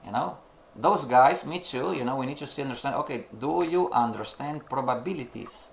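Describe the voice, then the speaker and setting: A man's creaky, mid-range voice moves at a normal speed as he, a trading instructor, teaches students a live lesson on trading. Because English isn't his first language, he now and then searches for words, and he keeps asking rhetorical questions and saying "you know" to confirm they're following.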